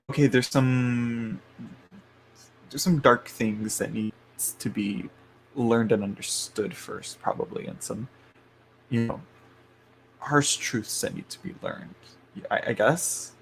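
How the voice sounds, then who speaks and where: A man's voice: medium pitch, slow pace, creaky, long pauses, a little hiss or hum. A man hosting a live tarot reading stream, rambling along with lots of fillers and restarts and frequent chuckles.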